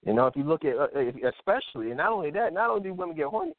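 A man's voice: on the high side, sing-song, rapid-fire. Blunt man on a tinny line. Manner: blunt, emphatic, repeats words. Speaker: host. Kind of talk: opinionated live show monologue. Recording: tinny phone-like dry audio.

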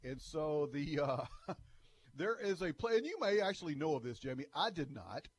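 Sports radio co-host, male, slightly high and very animated, jokey storyteller. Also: normal speed, husky, no room sound. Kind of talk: casual sports talk radio banter.

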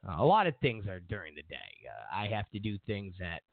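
A man's voice: lowish voice, sing-song, brisk, gravelly, no echo. Rambling man on a tinny line. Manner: rambling, digressive and sarcastic. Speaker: show host. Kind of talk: political commentary. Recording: tinny phone-like dry recording.

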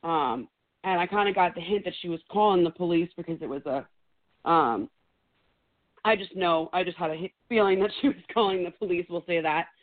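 A woman guest telling a first-hand story in a lively way, acting out her own words loudly. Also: on the low side, a little fast. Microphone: phone call. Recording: tinny phone line.

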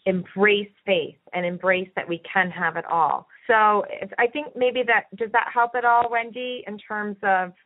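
A woman's voice: medium pitch, fairly even intonation, unhurried, few pauses. A woman podcast host talking at length in an earnest, encouraging way. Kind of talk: conversational podcast discussion. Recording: tinny phone-line audio.

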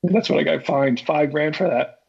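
A man from Philadelphia, a former baseball pitcher, telling a story in a casual chat and acting out his own reactions. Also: normal speed, creaky, a little mellow, slightly rough. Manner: acts out his own past reactions, many restarts. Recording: dull lo-fi podcast audio.

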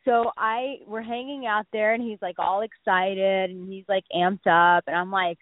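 A woman dating coach chatting on a radio show, with a middle-pitched voice. She tells stories in a lively way and acts out both sides of the exchange. The sound is narrow and phone-like, with no room around it. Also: measured pace, hardly any pauses, no room sound. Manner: lively anecdotal storyteller, acts out quotes. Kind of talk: radio interview, storytelling. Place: Los Angeles area. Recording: phone-line radio call.

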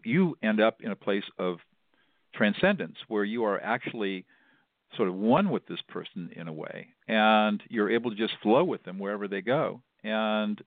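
A low-pitched middle-aged man speaks in an earnest, explanatory way, often repeating words as he restarts his sentences. The sound is dry and narrow, like a phone line. He is a mediator answering interview questions. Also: vocal fry, dry recording. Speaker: mediator, guest.

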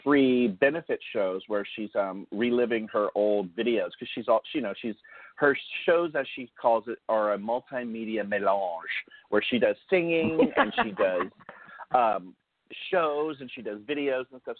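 A man's voice: mid-range voice, expressive, normal speed, dry recording. A man co-hosting a podcast, chatting in a rambling way with lots of fillers. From San Francisco area. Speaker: podcast co-host. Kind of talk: casual chat. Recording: dry tinny phone-like line.

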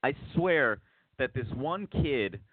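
A man's voice: mid-range voice, lively intonation, slow pace, slight background noise. A man hosting a podcast, telling a long story in a casual, rambling way, with many restarts. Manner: rambling, lots of restarts, acts out quotes. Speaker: podcast host. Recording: tinny phone-like dry sound.

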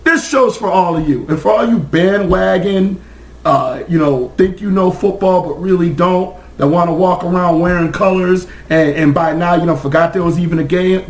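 A man hosting a sports podcast, hoarse from screaming, ranting in a fired-up, profane way with many fillers. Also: high-pitched, moderate pace, echoey room, slight background noise, poor audio. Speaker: podcast host.

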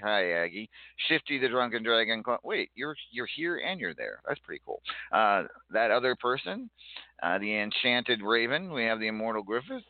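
A man's voice: mid-range voice, dry recording. Man hosting over a tinny line. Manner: jokey, rambling, stumbles over words. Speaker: show host. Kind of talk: casual online radio show hosting. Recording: dry, tinny phone-like line.

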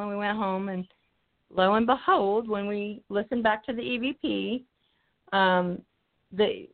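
A woman investigator telling a story in an interview, rambling with many ums and restarts, sometimes drifting off the mic. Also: medium pitch. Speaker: paranormal investigator guest. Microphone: phone or call-in line, drifting from the mic. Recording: tinny phone line.

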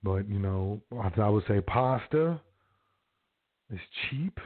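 A man's voice: on the low side, expressive, slow pace. A man hosting a show, talking in a rambling, slangy, casual advice monologue. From South Side of Chicago. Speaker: host. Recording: phone-like narrow sound.

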